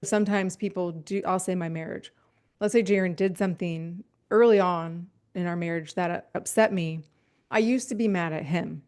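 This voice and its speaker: A woman with a slightly low voice hosts a relaxed podcast conversation. She speaks earnestly and reflectively, thinking aloud through everyday examples. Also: moderate pace. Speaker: podcast host. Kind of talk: casual conversation.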